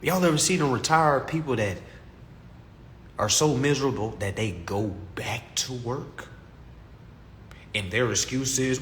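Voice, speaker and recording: A man delivering a comedic rant to camera in an animated, preachy and mocking way. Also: fairly high pitch, measured pace, slight background noise. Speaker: vlogger.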